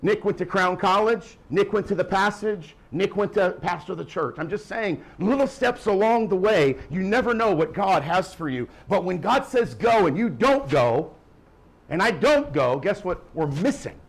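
A man preaching a sermon in church, swinging from emphatic calls to quiet, joking asides. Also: high-pitched, lively intonation, moderate pace, slightly rough. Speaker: pastor.

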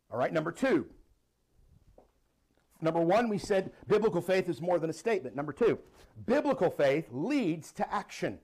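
High-voiced, animated male preacher. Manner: animated preaching with laughs and Bible readings. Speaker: pastor. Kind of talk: sermon.

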